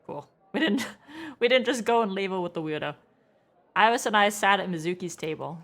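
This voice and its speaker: A woman's voice: medium pitch, expressive, a little fast, a bit bright. Chatty, swearing woman streamer. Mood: musing. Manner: chatty, swears, laughs at the game. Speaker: VTuber streamer. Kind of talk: casual let's-play commentary.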